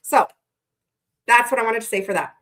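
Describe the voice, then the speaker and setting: A woman's voice: a little high, moderate pace, a bit bright. A woman hosting a tarot livestream, greeting her chat viewers one by one in a chatty, playful way that swears freely, and she sounds tired.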